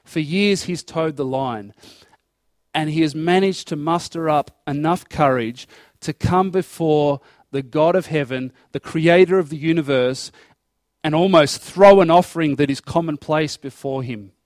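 A man's voice: fairly high pitch, a little slow, darkish tone, dry recording, studio quality. A man preaching a sermon, explaining scripture verse by verse and acting out dialogue in an earnest tone. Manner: earnest expository preaching, acting out God's voice in quotes.

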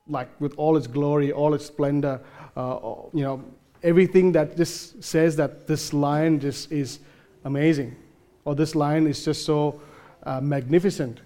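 A male preacher delivering a sermon in a mellow, slightly high voice. He speaks earnestly and with emphasis, circling back with fillers and restarts as he explains a passage.

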